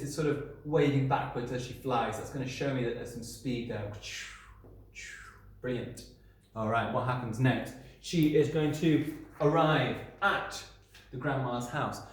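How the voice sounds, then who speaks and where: A male primary school teacher gives a recorded lesson to young children. He is friendly and encouraging, talks them through each step as he works and checks in with them often. His medium-pitched voice rings around a very echoey room.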